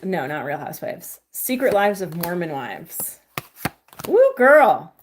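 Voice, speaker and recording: Young woman doing tarot on a live stream, kinda low voice, rambly with lots of likes and ums. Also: expressive, normal speed, a little hiss or hum. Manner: chatty, filler-heavy with frequent "like" and "um", affectionate to viewers. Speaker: livestream tarot reader and crystal seller. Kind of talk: casual livestream chat and tarot reading.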